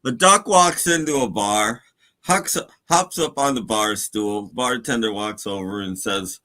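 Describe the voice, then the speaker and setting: A man in a casual live stream chat, telling jokes in an animated way, with stumbling restarts. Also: on the low side, unhurried.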